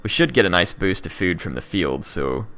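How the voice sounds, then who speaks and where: A man's voice: low voice, big pitch swings, moderate pace, sharp tone. A young man giving casual let's-play commentary on a strategy game, thinking aloud with many fillers and restarts. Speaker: gaming channel host.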